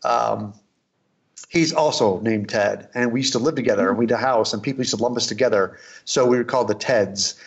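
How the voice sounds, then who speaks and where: A man's voice: mid-range voice, fairly quick, creaky. A middle-aged man tells a story in a loose, rambling way, often doubling back and quoting what others said. The recording sounds slightly muffled and lo-fi. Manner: rambling, anecdotal, frequent restarts and quoted dialogue. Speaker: guest, costume and prop maker. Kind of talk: casual interview storytelling.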